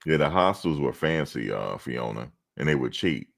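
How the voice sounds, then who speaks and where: His bass voice carries vocal fry, and he talks expressively at a moderate pace. As a reaction streamer on a casual livestream, he rambles through loose stories and talks right to his chat.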